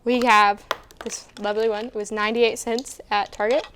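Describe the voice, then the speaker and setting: A woman's voice: a little high, level tone, moderate pace, a bit bright, slight background noise. A young woman co-hosting a casual student cooking show, explaining each step and teasing her partner. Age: young adult. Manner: bossy, teasing, explains steps.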